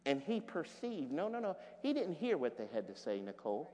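High-voiced preaching man in a hall. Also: wildly swooping pitch, brisk, slight background noise. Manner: preaching with loud shouted peaks and quiet storytelling. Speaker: pastor. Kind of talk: sermon.

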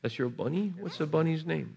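A man preaching at a revival service in a church, laughing and shouting bursts, gentle with the children he blesses. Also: fairly high pitch, lively intonation, brisk, creaky. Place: church sanctuary.

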